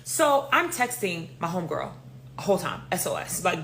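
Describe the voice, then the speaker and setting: A woman telling a casual storytime, animated, swearing and dramatic. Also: lowish voice, moderate pace, slight background noise. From New York.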